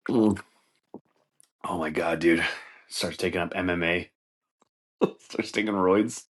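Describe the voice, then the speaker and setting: A man's voice: low voice, steady tone, slow pace, pauses often. A man hosting a comedy podcast, rambling loosely through stories, swearing and laughing, saying dude a lot. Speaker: podcast host.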